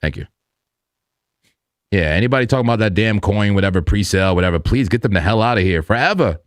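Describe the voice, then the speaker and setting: Man, live trading stream host, low voice, dry sound, hyped, slangy. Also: fast talker, no echo. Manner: hyped, slangy, talks to the chat. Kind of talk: casual live-stream commentary.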